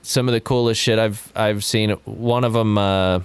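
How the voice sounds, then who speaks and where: A man's voice: lowish voice, fairly even intonation, normal speed, smooth, dry recording. A man co-hosting a podcast in casual chat, telling stories with lots of swearing and laughter and acting out what people said. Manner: laughing, swearing storyteller who acts out quotes. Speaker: podcast co-host.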